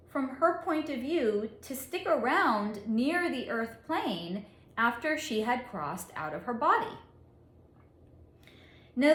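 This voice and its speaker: A woman psychic reader telling a story in a monologue, with deliberate dramatic pauses and frequent laughs. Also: high voice, fairly bright tone. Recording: echoey room.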